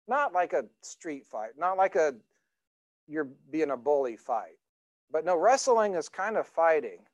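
High-voiced man preaching conversationally. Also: big pitch swings, unhurried, no echo, lo-fi sound. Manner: conversational storytelling with many fillers and restarts. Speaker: pastor. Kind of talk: sermon.

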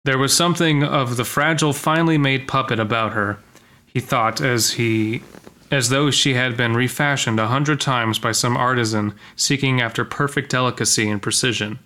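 A man's voice: medium pitch, normal speed, bright, forceful tone. A man reading a science-fiction story aloud with a friend, acting out the lines and breaking off to joke about the writing. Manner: reads lines dramatically, then jokes and comments. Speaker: co-reader of a story. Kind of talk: casual reading aloud with banter.

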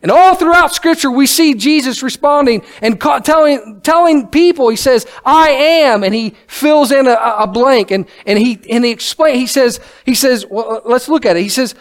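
A man's voice: very high voice, normal speed, few pauses. A man preaching a sermon from the pulpit, emphatic and building to exclamations, often reading scripture aloud. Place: church sanctuary.

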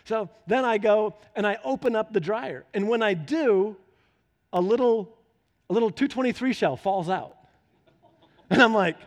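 A man with a notably high voice preaches from the pulpit of a church. He moves from relaxed storytelling to fervent, urgent exhortation. His words ring out with a long hall reverb around them. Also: moderate pace, pauses often. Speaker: pastor. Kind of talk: sermon.

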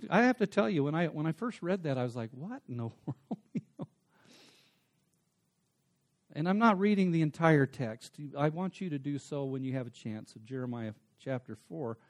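A man preaching a sermon, dropping to soft asides and then rising to emphatic, stretched-out words. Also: on the high side, expressive. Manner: swings between soft asides and emphatic raised passages; slows down to stress single words. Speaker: pastor.

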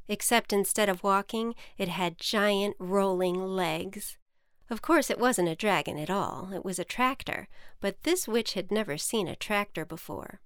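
A woman hosts and reads a storybook tale aloud in a playful, expressive voice. She takes her time and leans on comic pauses. Her voice is smooth and clear, recorded close on a mic in a dry, dead room. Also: medium pitch, no echo. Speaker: podcast host and storyteller. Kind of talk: storybook narration.

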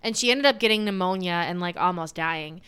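A woman co-hosting a podcast, telling a home story in a casual, animated way and swearing now and then. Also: on the low side, a little fast, clear, resonant tone. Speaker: podcast co-host. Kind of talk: casual chat.

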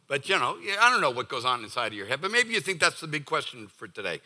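A man's voice: medium pitch, big pitch swings, quick pace, hardly any pauses, pushed and bright. A middle-aged male pastor from the Boston area giving a conversational, jokey sermon, acting out the voices of his listeners.

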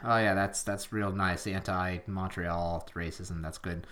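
A man's voice: sits low, fairly even intonation, a little slow, fairly bright tone. A man co-hosting a podcast, chatting casually in a rambling, self-deprecating way with lots of fillers. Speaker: podcast co-host. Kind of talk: casual chat.

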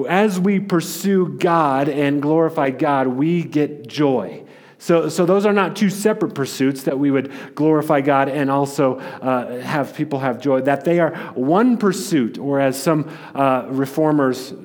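A man's voice: mid-range voice, a little mellow, in a large hall. A man preaching a sermon as a pastor, talking in a conversational way with frequent restarts and repeated words.

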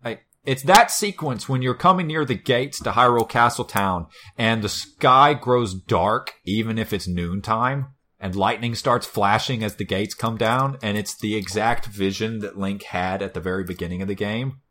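Brief: low-pitched male host, casual and profane, wry retelling. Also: normal speed, few pauses, sharp tone. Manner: swears a lot, wry storytelling. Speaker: podcast co-host. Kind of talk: casual chat.

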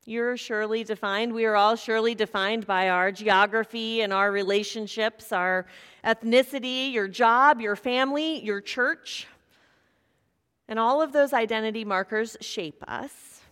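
Woman preacher, sermon, conversational storytelling, playful asides, somewhat high voice, long hall reverb. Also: a little slow, a bit bright, clear, resonant tone.

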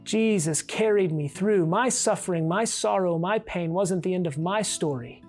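A man's voice: sits high, moderate pace, a little mellow. A man preaching a sermon in an earnest tone, sometimes rising into fervent calls, with faint music behind him. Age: adult. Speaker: pastor.

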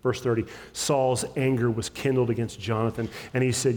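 A man preaching a sermon, his pitch sitting in an ordinary middle range. He moves between loud, emphatic stresses and quiet, slowed-down lines. His voice rings through a church sanctuary with long reverb. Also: flat delivery. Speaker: pastor.

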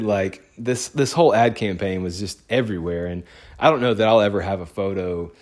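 A man, a photographer, telling a personal story in a casual, rambling, excitable way. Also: on the low side.

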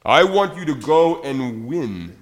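God calling out calmly and reassuringly, as a man telling a children's Bible story puts him on. The words come slowly and deliberately, in a solemn tone. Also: fairly high pitch, pitched above the performer's own voice.

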